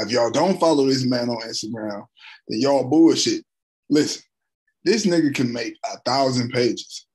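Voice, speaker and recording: A man in his thirties with a husky, slightly breathy voice at an ordinary middle pitch. He hosts a casual reaction video, talking in an excitable, slangy and profane way. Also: rough recording. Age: 30s.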